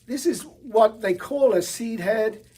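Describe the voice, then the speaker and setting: A middle-aged florist presenter shows flowers in an unhurried way, his high voice darkish in tone with a breathy edge. He's keen and conversational, with fillers and minor restarts.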